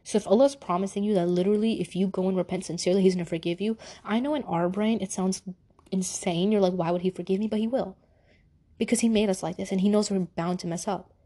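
A woman's voice: medium pitch, steady tone, fast talker, mellow. A young woman hosting a personal faith podcast, talking earnestly in casual slang. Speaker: podcast host.

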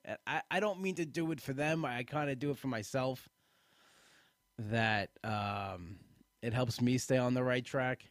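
A man's voice: mid-range voice, a little slow, no room sound, studio quality. A man hosting a casual live podcast, chatty and self-deprecating, a bit tired and rambling with restarts. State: tired, yawning. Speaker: podcast host.

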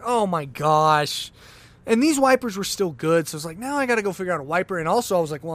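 This is a man hosting his own talk show, telling a personal story as a loose monologue. His voice sits a little high, and he keeps it conversational. He jumps into lively acted-out exclamations as he goes. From lives in Denver, Colorado. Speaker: podcast host.

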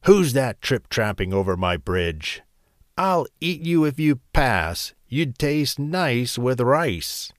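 Give me a croaky, menacing old troll, put on by a man in a storybook reading, slow and lively. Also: medium pitch, no echo, studio quality. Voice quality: croaky, roaring. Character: mean, smelly, greedy old male troll.

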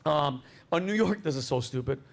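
Middle-aged dude hosting a podcast, high voice, cursing, animated stories. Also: male voice, normal speed, vocal fry. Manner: profane, animated storyteller. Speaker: podcast host. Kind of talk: casual chat.

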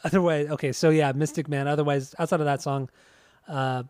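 A man's voice: a little high, steady tone, brisk, darkish tone, smooth, dry recording. A young man with a slightly raised voice chats casually, dry and close to the mic. He teases his co-host, laughs often and swears offhandedly. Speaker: podcast co-host. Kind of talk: casual chat.

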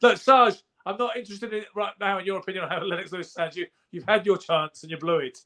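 British man, high voice, argumentative, emphatic, casual podcast debate. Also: steady tone, quick pace, pushed and bright. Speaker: podcast co-host.

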